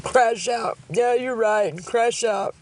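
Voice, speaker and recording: A woman's voice: on the high side, slow pace, a little hiss or hum. A woman ranting angrily on a phone livestream, heated, profane and repetitive. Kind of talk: angry livestream rant.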